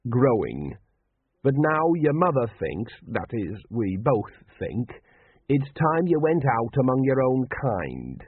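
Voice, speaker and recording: A man puts on a fretful old dwarf king, a father who stumbles and hedges with ums and half-finished starts. The voice is a touch husky and sits in a plain middle register. It comes over a dry, tinny, phone-like line, like a storybook read down the wire. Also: mid-range voice, very animated, dry recording, exaggerated voice. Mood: worried. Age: older. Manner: hesitant, halting, full of ums and trailing restarts.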